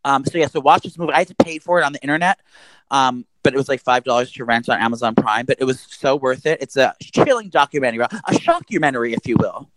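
A man around forty, co-hosting a casual podcast chat and telling stories quickly, with crude language and loud acted-out quotes. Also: medium pitch, lively intonation, slight background noise, poor audio. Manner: rapid, profane storytelling with loud acted-out quotes. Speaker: podcast co-host.

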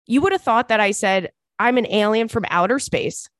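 A woman tells a story in casual chat, with a voice on the higher side. She jumps into the voices of the people she describes. The sound is close and dry. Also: normal speed, dry recording. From Long Island, New York. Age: 30s. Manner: animated, acts out voices in anecdotes. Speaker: podcast host.

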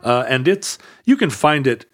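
A man's voice: mid-range voice, big pitch swings, moderate pace, fairly bright tone. A man in his fifties, co-hosting a casual podcast, explains facts at length with many restarts and fillers. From United States. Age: 50s. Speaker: podcast co-host.

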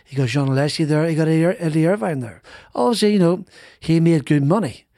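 A man's voice: a little high, quick pace, creaky, mellow, no room sound. British man, middle-aged ex-racer telling stories on a podcast; rambling, restarts, acts out quotes; dry close mic. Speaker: former racing driver guest. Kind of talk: podcast interview, anecdotal storytelling.

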